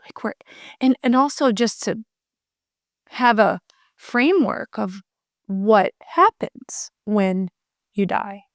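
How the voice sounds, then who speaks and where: A woman's voice: mid-range voice, expressive, slow, pauses often, no room sound, studio quality. A middle-aged woman, telling a personal story as a podcast guest, earnest and rambling with many restarts.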